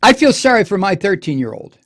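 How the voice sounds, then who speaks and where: A male talk radio host rants in a high, swooping voice that climbs and falls sharply. He speaks with sarcasm and bitter passion and swears freely. His monologue sounds like political talk radio. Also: very animated, brisk, fairly bright tone. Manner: impassioned, profane, sarcastic ranting.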